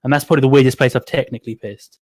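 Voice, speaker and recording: Relaxed podcast co-host, mid-pitched man, crude humour, dry close mic. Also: racing, dry recording. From Europe. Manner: laid-back, crude banter. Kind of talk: casual chat.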